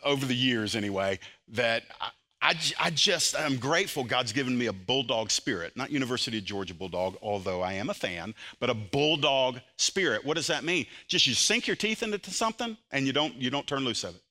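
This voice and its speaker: A man preaching a sermon as pastor, moving between loud, impassioned emphasis and quiet, earnest intensity. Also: medium pitch, animated, fairly quick.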